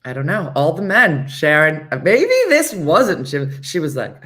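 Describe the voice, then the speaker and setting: A woman's voice: low voice, big pitch swings, unhurried, a bit bright. A woman hosting a live morning show, telling stories in a chatty way, acting out quotes and answering viewers by name. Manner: chatty storytelling, acts out quotes, laughs often. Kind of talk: casual live-stream chat reading comments.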